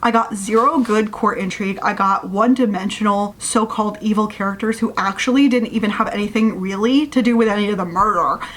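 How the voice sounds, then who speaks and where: A woman's voice: mid-range voice, a little fast, few pauses. A woman hosting her channel, giving a casual, sarcastic rant review of a novel and sounding exasperated at the plot. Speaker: book reviewer.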